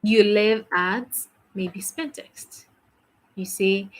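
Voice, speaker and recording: Slow, patient woman teaching French. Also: mid-range voice, fairly bright tone, low-quality recording. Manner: patient, drills phrases, praises each answer. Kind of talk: language lesson.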